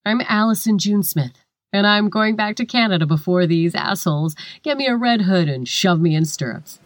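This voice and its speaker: A woman's voice: medium pitch, lively intonation, normal speed, no room sound. A woman reporter giving a satirical news report in a sardonic, profane manner.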